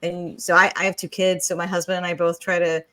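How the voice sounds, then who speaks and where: A woman's voice: lowish voice, level tone, brisk, a bit bright. A woman hosting a podcast interview, talking in a chatty, enthusiastic way. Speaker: podcast host. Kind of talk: conversational interview.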